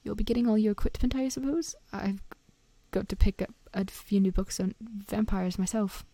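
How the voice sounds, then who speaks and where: A woman's voice: medium pitch, steady tone, normal speed, warm tone, dry recording, natural voice. A woman voicing a pale, nervous young male teacher who stammers, in a whispered role-play storybook reading.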